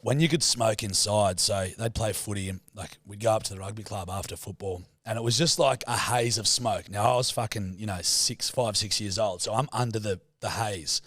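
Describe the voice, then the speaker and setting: A man with an Australian accent, co-hosting a podcast and telling a childhood story in a casual, swearing, animated way. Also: fairly low pitch, moderate pace, few pauses, dry recording. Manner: animated, swears a lot, laughs often. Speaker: podcast co-host.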